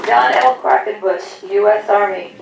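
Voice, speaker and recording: A woman's voice: mid-range voice, measured pace, creaky. A woman announcer reading veterans' service stories aloud at a public event, in plain storytelling with light humor. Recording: echoey room, distant mic, faint noise.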